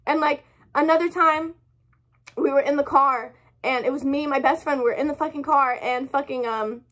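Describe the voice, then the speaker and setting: Young woman vlogger, high voice, upset rambling storytime rant full of swearing. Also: moderate pace, fairly bright tone. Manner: rambling, heavy swearing, apologizes often. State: upset, close to tears.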